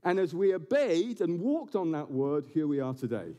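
A male pastor preaching to his church, his voice sitting a bit high and swinging widely in pitch. He stays animated throughout and breaks up the message with self-mocking jokes. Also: moderate pace. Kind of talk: sermon. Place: church building, before a congregation.

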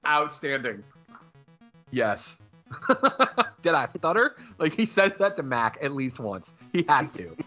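A man co-hosting a casual chat, rambling and animated, often slipping into goofy character voices. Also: medium pitch, takes it slowly, pauses often, muffled recording, faint music behind. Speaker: podcast co-host.

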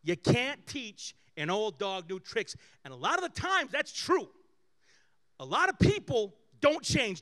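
Pastor guy telling stories in his sermon, kinda high voice, gets loud then drops way down. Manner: animated storyteller, swings between loud bursts and hushed asides. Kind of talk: conversational sermon with personal stories.

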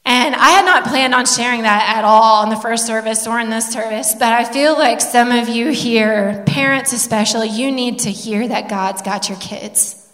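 A woman's voice: fairly high pitch, moderate pace. A middle-aged woman sharing an emotional family testimony from the pulpit as part of a sermon, telling the story with feeling. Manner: emotional storytelling, animated when quoting. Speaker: pastor's wife sharing a testimony. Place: church sanctuary. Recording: long hall reverb.

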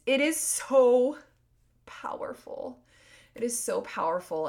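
Earnest rambling woman podcaster. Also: lowish voice. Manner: rambling, earnest, many likes and restarts. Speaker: podcast host. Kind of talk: casual solo podcast monologue.

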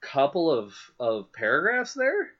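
A man's voice: fairly high pitch, wildly swooping pitch, a little slow, slightly rough, highs cut off. A man co-hosting a podcast, bantering dryly and reading book passages aloud. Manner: sardonic, mock-grumpy. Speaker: podcast co-host.

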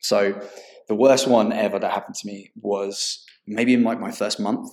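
A man's voice: on the low side, fairly even intonation, normal speed, a little mellow. A young English man, a barber guest, telling rambling stories full of swearing in a casual chat. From England.

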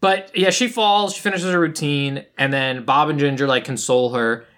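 A woman's voice: rumbling low, fairly bright tone. A young woman co-hosting a podcast, casually and wryly recapping scenes. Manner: quick, wry, recaps scenes with acted-out quotes. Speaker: podcast co-host. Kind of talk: casual chat.

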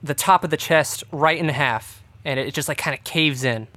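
A man narrating as game master of a tabletop game, loose and halting with fillers. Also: a little high, bright, forceful tone, no echo.

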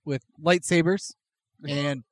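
A man co-hosting a podcast, excitable and quick to laugh. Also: a little high, no room sound. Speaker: podcast co-host. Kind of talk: casual chat.

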